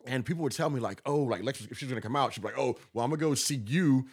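A man's voice: mid-range voice, racing, slightly rough. A man from Texas, a guest promoter telling stories casually and acting out what people said. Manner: animated, acts out quotes with laughter. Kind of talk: casual storytelling.

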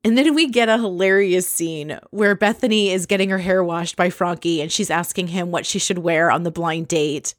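A woman casually recapping a reality show scene by scene, chatty and quick to laugh. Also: fairly low pitch, no echo, studio quality. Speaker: recap podcast host.

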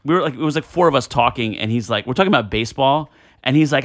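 A middle-aged man from New Jersey telling stories in a casual podcast chat, acting out the quotes. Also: mid-range voice. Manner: fast animated storyteller, acts out quotes. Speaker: podcast guest. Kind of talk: casual storytelling.

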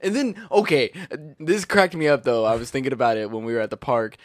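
A man's voice: mid-range voice, fairly quick, dry recording, studio quality. A man co-hosting a casual podcast, telling stories with lots of laughter. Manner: laughs often, animated storytelling. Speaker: podcast co-host.

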